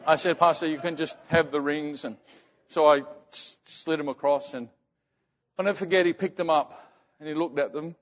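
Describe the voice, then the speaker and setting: A man preaching as a pastor, telling a story earnestly, often dropping to a hushed, slow voice. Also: a little high, fairly even intonation, long reverb tail, lo-fi sound. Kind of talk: sermon storytelling.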